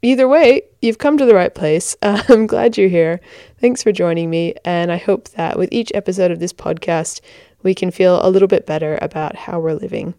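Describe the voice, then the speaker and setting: A woman's voice: fairly low pitch, normal speed, dark tone, no room sound, studio quality. A tired woman in her twenties with a hybrid American-Australian accent, hosting a casual podcast, giggly and self-deprecating, recorded in a bedroom blanket fort. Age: 20s. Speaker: podcast host.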